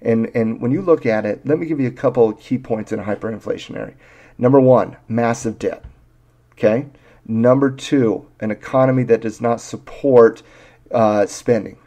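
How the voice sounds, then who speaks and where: A man's voice: mid-range voice, moderate pace, mellow, lo-fi sound. A man hosting a casual finance podcast, joking with his co-hosts and reading quotes aloud. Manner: jokey, reads quotes aloud. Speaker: podcast host.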